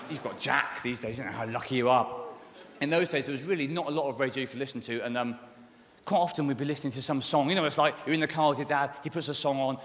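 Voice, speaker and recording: A man's voice: a little high, a bit bright. A man performing live stand-up comedy on stage, rambling and hedging with lots of ums and sort-ofs. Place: large live venue on stage. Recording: echoey hall from the stage.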